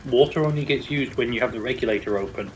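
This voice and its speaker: A man's voice: mid-range voice, fast talker, slight background noise, low-quality recording. Matter-of-fact man on stream. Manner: matter-of-fact, helpful reminders. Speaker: co-player on stream. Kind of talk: casual gaming chat.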